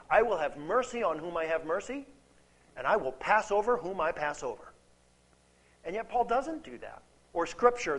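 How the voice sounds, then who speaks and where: The recording is low quality, and the speaker is a man with a high-pitched voice delivering an expository Bible teaching. He speaks conversationally, repeats important words for emphasis, and checks on his listeners with "okay?" and "right?".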